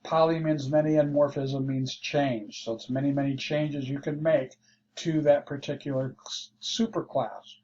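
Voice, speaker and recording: A man teaching a programming lesson, walking through code slowly and thinking aloud as he explains. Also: mid-range voice, steady tone, darkish tone. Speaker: programming instructor. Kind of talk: screen-share coding lesson. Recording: dull lo-fi mic with faint hiss.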